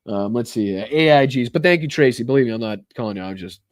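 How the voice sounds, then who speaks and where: A man's voice: mid-range voice, animated, fast talker, dry recording. Rambling, profane male livestream host. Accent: American. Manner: rambling, profane, with many fillers and restarts. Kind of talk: casual livestream chat reading viewer donations.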